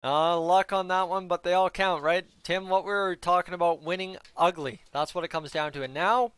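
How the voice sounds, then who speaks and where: A man reacting live to a hockey game, giving excited play-by-play, shouting at big moments and talking to his viewers by name. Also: high-pitched, brisk, few pauses, smooth, no echo.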